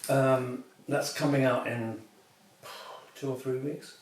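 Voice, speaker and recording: Animated man telling stories. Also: mid-range voice, slow pace. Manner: animated storyteller, acts out quotes, laughs often. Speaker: guest, performer and musician. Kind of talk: anecdotal interview chat. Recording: echoey, distant, faint noise.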